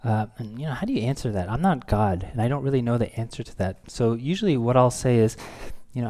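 A man's voice: medium pitch, expressive, fast, few pauses, dark tone. A man, likely in his thirties, preaching a conversational sermon, talking in a casual, personal way with frequent fillers and restarts. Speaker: pastor.

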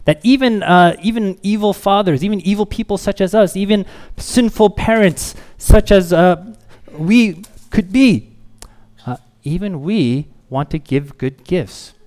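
Male pastor in his thirties, conversational sermon, animated storyteller who mimics children's pleading voices. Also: high-pitched, a little slow.

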